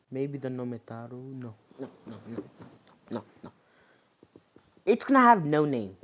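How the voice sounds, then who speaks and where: A young man improvising a fan story narration, rambling with many fillers and self-corrections. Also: medium pitch.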